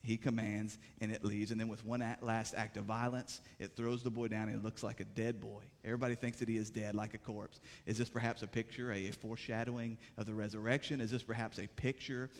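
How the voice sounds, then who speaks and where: A pastor preaching a sermon, moving from calm teaching to impassioned, rising delivery. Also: male voice, on the low side, brisk, few pauses, long reverb tail.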